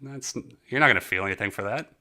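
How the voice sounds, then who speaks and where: A man's voice: on the low side, fast talker, sharp tone. A man co-hosting a casual podcast, rambling and joking, often trailing off and restarting. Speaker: podcast co-host. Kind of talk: casual chat.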